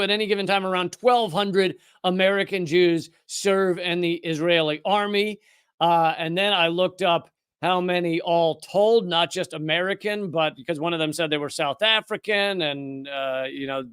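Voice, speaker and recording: A man's voice: high-pitched, fairly bright tone, clear, resonant tone, no echo, clean studio sound. A man hosting a live-streamed commentary show, rambling and correcting himself, with sarcastic asides. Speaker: political commentator host.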